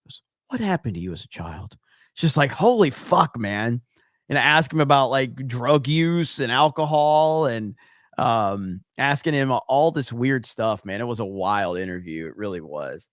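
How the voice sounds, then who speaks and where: A man's voice: mid-range voice, expressive, normal speed, no room sound, clean studio sound. Profane man hosting a livestream. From Alabama. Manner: loose, profane, reads chat aloud. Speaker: livestream co-host. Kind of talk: casual profane stream chat.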